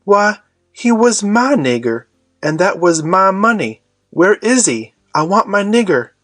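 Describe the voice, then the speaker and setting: A man's voice: mid-range voice, slow pace, no room sound, faint music behind, natural voice. A man voicing a frightened boy who whimpers and pleads in an audiobook. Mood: pleading.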